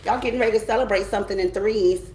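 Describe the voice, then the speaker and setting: A woman's voice: medium pitch, fast talker, darkish tone, roomy sound, slight background noise, poor audio. A middle-aged American woman giving a blunt, emphatic spiritual pep talk as a tarot reader, often checking in with her listeners.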